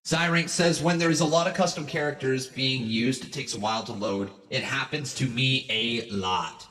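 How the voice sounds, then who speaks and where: Excitable young man commenting on gameplay. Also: mid-range voice, moderate pace. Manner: excitable, jokey, breaks into chants. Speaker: gaming streamer.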